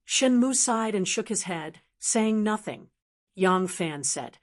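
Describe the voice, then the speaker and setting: A woman's voice: medium pitch, expressive, slow pace. Woman narrating an audiobook.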